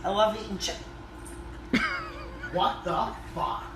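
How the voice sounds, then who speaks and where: A man's voice: high voice, fairly even intonation, takes it slowly, roomy sound, background noise. A man laughing and swearing in disbelief at his pet.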